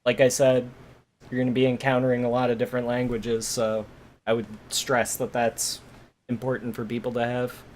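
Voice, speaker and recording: A man's voice: mid-range voice, monotone, moderate pace, a little mellow, slight background noise. A man running a tabletop game as game master, explaining rules in a laid-back, joking way. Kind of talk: casual tabletop game session.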